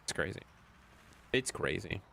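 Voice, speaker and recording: Chatty streamer man with a lively voice. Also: sits low, a little slow, gravelly. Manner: chatty, reads chat aloud, swears for effect. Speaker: game streamer. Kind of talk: casual live-stream chat reading.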